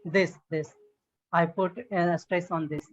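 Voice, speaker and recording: A man's voice: a little high, steady tone, slow pace, muffled recording, a little hiss or hum. A man practicing spoken English in an online lesson, talking hesitantly with restarts and "I mean"s. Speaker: English learner. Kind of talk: online one-on-one speaking lesson. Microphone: video call.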